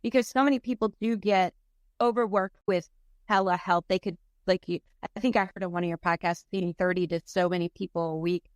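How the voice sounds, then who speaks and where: A woman guest, a therapist, chatting casually with enthusiasm and earnest warmth. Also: lowish voice, fairly even intonation, fairly quick, no room sound, clean studio sound. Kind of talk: casual chat.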